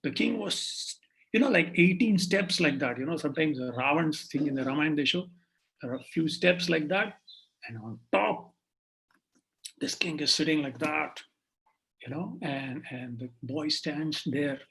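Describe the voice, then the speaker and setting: A man's voice: fairly high pitch, measured pace, creaky, rough recording. A man, telling a story in a sermon and acting out each character's voice. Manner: animated, acts out the story's voices. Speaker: preacher.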